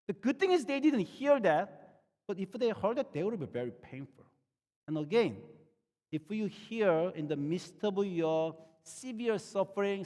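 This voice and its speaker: High-voiced man preaching in a reverberant hall. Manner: conversational preaching, many rhetorical questions. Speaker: pastor. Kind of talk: sermon.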